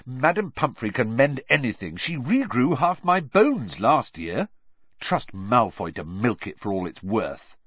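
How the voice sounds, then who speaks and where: A man's voice: mid-range voice, very animated, a little slow, slightly rough, no room sound, pitched above the performer's own voice. A man voicing a protective, determined teenage schoolboy in a lifted, youthful voice. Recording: dry, slightly dull audio.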